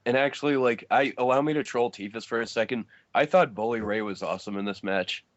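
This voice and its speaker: A man's voice: mid-range voice, quick pace, dry recording. A man co-hosting a podcast, laid-back and teasing in casual chat. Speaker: podcast co-host. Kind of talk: wrestling review podcast chat. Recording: dull lo-fi podcast audio.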